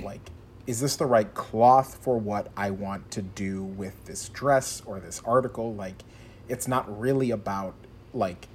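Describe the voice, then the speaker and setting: A man hosting a casual film chat, animated, laughing often and acting out quotes. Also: lowish voice, a little hiss or hum.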